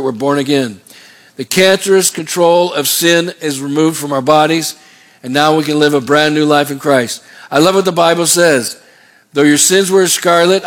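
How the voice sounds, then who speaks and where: A man preaching a sermon, going through numbered points and having the congregation fill in words. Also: fairly high pitch. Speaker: pastor.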